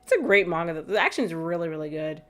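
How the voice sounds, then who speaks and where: A woman's voice: on the low side, lively intonation, quick pace, a bit bright. A woman streaming gameplay, chatting casually, laughing often and reading chat aloud. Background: faint background music.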